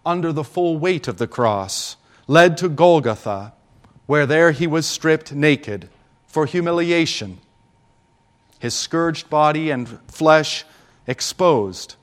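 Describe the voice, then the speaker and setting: Slow, solemn man preaching. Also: a little high, lively intonation. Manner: solemn, deliberate preaching with dramatic pauses. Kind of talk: Good Friday homily.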